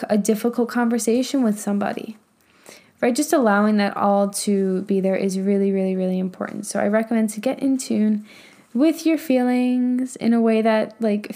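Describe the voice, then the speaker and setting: A woman's voice: medium pitch, mellow. A young woman hosting a podcast and coaching on business, talking casually and motivationally, filling her sentences with "like" and swearing freely. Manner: chatty, heavy use of "like", swears casually.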